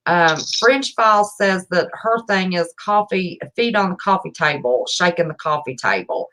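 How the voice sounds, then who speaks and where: A woman's voice: lowish voice, lively intonation, moderate pace, fairly bright tone, slight background noise, rough recording. A woman co-hosting a casual show, folksy and chatty, speaking straight to listeners. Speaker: co-host. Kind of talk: casual talk-show chat.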